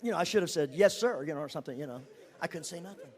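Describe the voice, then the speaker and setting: A man's voice: a little high, racing. An older man telling a personal testimony in a folksy, self-mocking way, chuckling at himself as he goes. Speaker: guest speaker.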